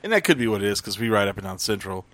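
Lively storytelling man, bright voice. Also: lowish voice, very fast, dry recording. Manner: animated, acts out quotes with squeals. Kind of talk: casual storytelling chat.

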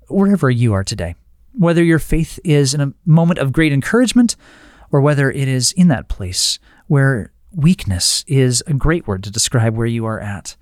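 A man's voice: mid-range voice, darkish tone, no room sound, studio quality. A man giving an earnest devotional teaching talk, often restarting phrases and checking in with "right?". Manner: earnest, with frequent restarts and tag questions. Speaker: Christian teacher.

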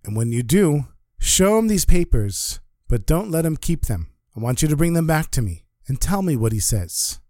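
A man voicing a revered old rabbi who gives instructions warmly but firmly. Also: fairly high pitch, sing-song, normal speed, few pauses, no room sound, clean studio sound. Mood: commanding. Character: revered old male rabbi, warm, commanding.

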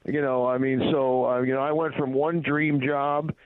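A middle-aged former baseball PR director guests on a radio show, telling casual stories that ramble with many fillers and restarts. His mid-range voice is clear and resonant, barely moving in pitch, at normal speed, heard dry with no room sound over a tinny phone line.

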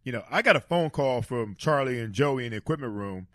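Fast lively man, dry close sound. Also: mid-range voice, dry recording. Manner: lively, swears freely, laughs while telling. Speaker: co-host, former football player. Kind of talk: casual chat.

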